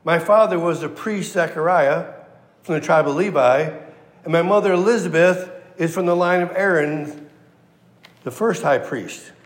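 A man's voice: fairly high pitch, echoey room, in a large hall, close to an everyday voice. A male preacher voicing John the Baptist as a blunt, emphatic prophet.

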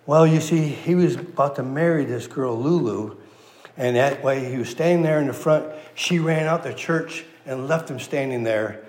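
A man's voice: mid-range voice, normal speed, a little mellow, echoey room, lightly acted, poor audio. A plain, matter-of-fact male tour guide at an asylum, put on by a preacher telling a joke. He explains things in an everyday voice. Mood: explaining.

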